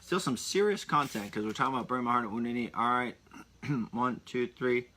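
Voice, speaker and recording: A man's voice: mid-range voice, normal speed, sharp tone. A man hosting his own podcast, rambling in a casual solo chat full of asides and restarts. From Pennsylvania. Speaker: podcast host.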